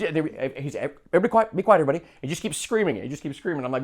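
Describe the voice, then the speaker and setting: A man's voice: on the high side, very animated, very fast, hardly any pauses. Male comedy podcast co-host; loose, rambling storyteller who jumps into quoted voices. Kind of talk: casual comedic chat.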